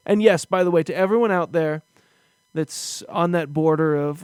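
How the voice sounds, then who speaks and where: A man in his thirties hosting a casual podcast chat, with a voice that sits a little high. He tells stories with big, animated mock outrage, and the sound is close and dry with no room echo. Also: normal speed, clean tone. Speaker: podcast host.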